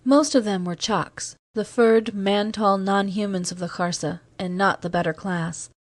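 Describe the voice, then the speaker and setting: A woman narrating a science fiction audiobook in a steady, measured reading. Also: mid-range voice, no echo.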